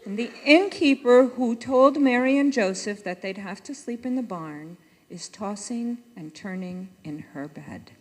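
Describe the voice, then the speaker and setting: A woman leading a live church pageant, chatty and warm in tone, often losing her place and correcting herself. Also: medium pitch, lively intonation, a little slow. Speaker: worship leader directing a pageant. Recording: echoey church sanctuary.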